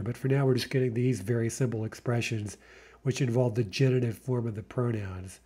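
Mellow, husky male language teacher. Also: mid-range voice. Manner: explanatory, often checks with "right?". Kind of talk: recorded language lesson.

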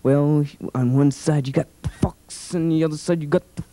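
A man's voice: on the high side, steady tone, moderate pace, mellow, natural voice. A teenage boy imitating a male teacher giving a meandering, folksy explanation. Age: late teens. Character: rambling male teacher, muddled.

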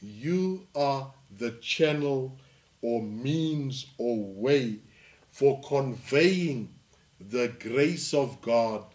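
A male pastor from South Africa preaching a sermon, reading scripture slowly and then rising to emphatic delivery. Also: medium pitch, expressive, a little mellow.

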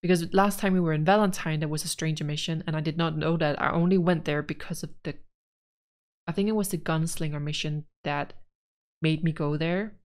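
A woman's voice: sits low, fairly even intonation, fairly quick, darkish tone. A woman giving casual gameplay commentary, rambling frankly and with exasperation about the story as a let's play gamer.

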